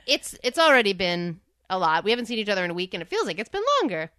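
A woman in her thirties co-hosts a casual podcast, wandering from one joke to the next. Her voice is bright, smooth and clear. It sits dry and close to the mic. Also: medium pitch, sing-song, no echo. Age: 30s. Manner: playful, rambling, quick to joke. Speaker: podcast co-host. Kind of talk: casual chat.

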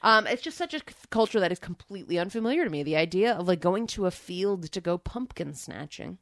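A woman's voice: fairly low pitch, lively intonation, fairly quick, dry recording, clean studio sound. A woman in her thirties co-hosting a podcast, rambling chattily with lots of fillers. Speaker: podcast co-host. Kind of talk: casual chat.

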